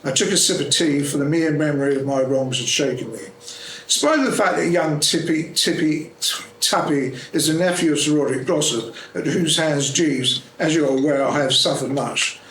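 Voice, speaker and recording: A man reading a comic short story aloud at a club meeting, in a brisk, playful manner. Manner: brisk, playful reading with lively jumps in pitch between characters. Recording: echoey room with faint background noise.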